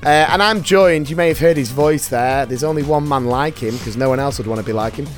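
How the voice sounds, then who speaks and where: A man's voice: mid-range voice, a little fast, soft background music. A man hosting a podcast, chatting in a jokey, enthusiastic way. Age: adult dad. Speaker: podcast host. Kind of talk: casual podcast banter.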